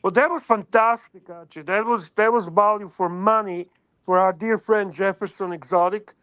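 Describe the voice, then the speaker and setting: A man's voice: high-pitched, steady tone, normal speed, a bit bright, smooth, no room sound. A man co-hosting a casual livestream, reading out viewer donations and prompting the host.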